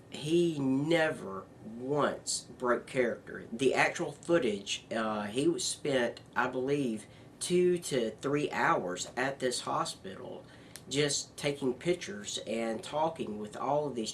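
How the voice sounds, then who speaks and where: A man's voice: mid-range voice, a bit bright, a little hiss or hum. A man hosting his own news vlog, rambling and earnest with bursts of announcer-style hype. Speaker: show host.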